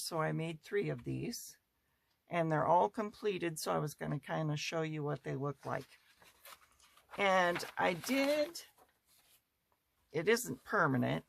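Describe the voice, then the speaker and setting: Chatty crafter with a gravelly voice. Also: mid-range voice. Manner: chatty, thinks aloud, addresses viewers directly. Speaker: craft channel host. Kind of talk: casual crafting show-and-tell vlog. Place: home craft studio.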